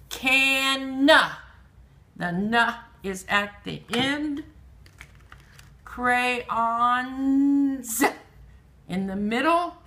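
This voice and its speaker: A woman teacher giving an early reading lesson to children, slowly sounding out letter sounds. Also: on the high side, creaky, bright, forceful tone.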